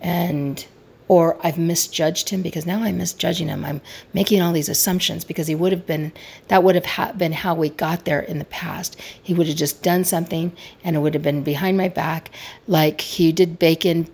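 Middle-aged woman, marriage coach sharing advice; low husky voice, candid and self-deprecating. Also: fairly even intonation, normal speed, darkish tone. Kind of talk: personal advice talk.

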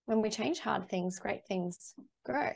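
A woman's voice: medium pitch, takes it slowly, vocal fry, a little mellow. A woman co-hosting a podcast, talking in a reflective, thoughtful way in casual conversation. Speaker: podcast co-host.

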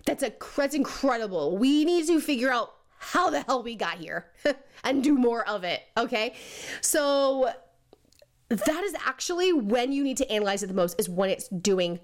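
Leadership coach, woman, casual talk, fairly high voice, laughs a lot, puts on goofy voices now and then. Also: animated, moderate pace. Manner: chatty, laughs often, puts on silly voices for people she mocks; says "okay?" and "right?" a lot.

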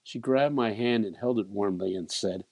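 A man in his eighties with a lowish, darkish voice speaks at normal speed in a dry recording. He's a preacher telling a personal anecdote, stammering and repeating words and chuckling along the way.

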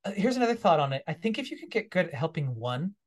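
A man's voice: sits high, sing-song, fast. Reflective man telling a story. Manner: reflective, storytelling, warm laughs. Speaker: guest. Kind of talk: casual interview conversation.

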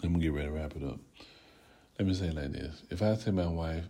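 A man's voice: very deep voice, quick pace, warm tone. A middle-aged man hosting a sermon-style podcast, emphatic, who often asks "right?" and leads his listeners in repeated affirmations. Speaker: podcast host and preacher.

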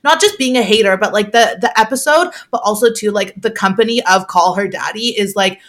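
A woman in her late twenties from Canada rambles through a casual podcast chat, peppering everything with "like" and cheerful swearing. Her voice sits at an ordinary middle pitch for a woman. She is heard through earbuds on a remote call. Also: fairly quick, a bit bright. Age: 20s. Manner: rambling, swears freely, lots of filler "like". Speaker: podcast guest, coach.

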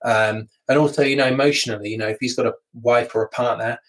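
A man hosting a solo podcast, talking in a relaxed, chatty way with fillers and restarts. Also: mid-range voice, quick pace, poor audio. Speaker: podcast host. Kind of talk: casual solo podcast talk.

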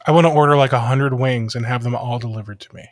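A podcast host from Ohio chats casually and cracks jokes, laughing a lot and staying animated. His voice is mid-range and fast, recorded in studio quality with no echo.

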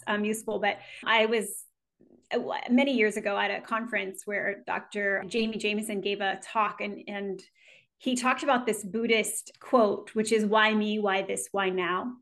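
A woman's voice: medium pitch, steady tone, normal speed, fairly bright tone. Woman, nurse guest, earnest, reflective, restarts phrases, casual interview. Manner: earnest, with frequent restarts and small laughs.

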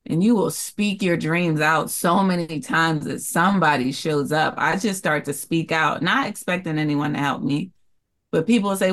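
A young woman telling her life story as a podcast guest, earnest and expressive, acting out the voices of people she quotes. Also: low-pitched, moderate pace. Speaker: podcast guest, jewelry entrepreneur. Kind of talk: candid interview storytelling.

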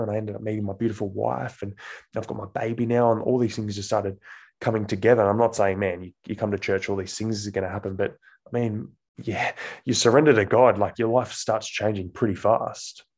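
Young Australian man, low voice, gravelly fry, relaxed storytelling, interview guest. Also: fairly quick. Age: 20s. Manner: relaxed, acts out quoted voices, frequent fillers. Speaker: guest, actor.

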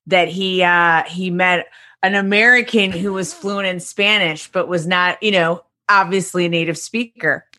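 A woman's voice: on the low side, steady tone, unhurried. A woman from Detroit, Michigan, speaking as an author guest in an earnest, faith-centered way. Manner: earnest, warm-hearted, faith-centered explanations. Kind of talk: interview guest talk.

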